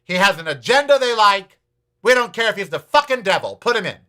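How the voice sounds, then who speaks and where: A man's voice: high-pitched, very animated, a little fast, pushed and bright. A man hosting a political talk show, ranting with profanity, sarcasm and repeated challenges to his audience. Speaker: podcast host.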